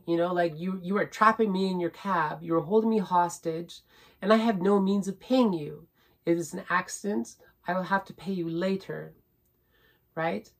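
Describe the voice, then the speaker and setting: A woman vlogger telling a personal story in a rambling, repetitive way, often adding "right?" and growing indignant as she stresses her points. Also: lowish voice. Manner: indignant, building emphasis.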